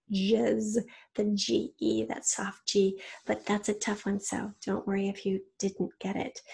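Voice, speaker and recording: A woman teaching and dictating a children's spelling test, reading each word slowly in an example sentence and giving spelling hints. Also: mid-range voice, gravelly, darkish tone, breathy edge.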